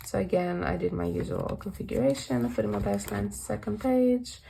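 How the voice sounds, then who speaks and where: Casual woman vlogging at home, kinda rambly, laughs a lot, voice a bit worn out and gravelly. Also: mid-range voice, fairly quick, mellow, slight background noise, rough recording. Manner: chatty and rambling, self-correcting with frequent little laughs. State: losing her voice. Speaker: collector showing her photocard binders. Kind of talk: casual vlog walkthrough.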